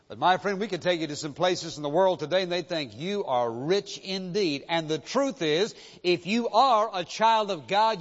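A male pastor delivers a sermon in a high, ringing voice, leaning hard on each point and slowing down to repeat key phrases. The recording is dull and lo-fi, with a long reverb trailing off the hall walls. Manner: emphatic, repeats key lines slowly.

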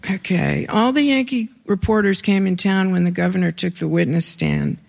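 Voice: medium pitch, very animated, moderate pace, gravelly. An author reading their own prose aloud to a live audience, with wry, conversational asides between passages.

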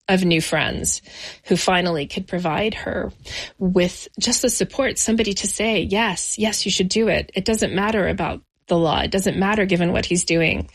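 A middle-aged woman as an interview guest, recounting her childhood in a reflective, measured way with slow pauses. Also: lowish voice, breathy edge. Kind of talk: personal memoir interview.

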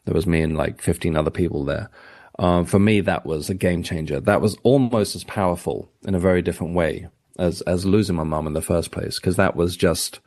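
A man's voice: deep voice, brisk, darkish tone. A man, an author guest on a radio show, talking in a rambling, reflective way with many restarts. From England. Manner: rambling, self-correcting, reflective. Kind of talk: radio interview.

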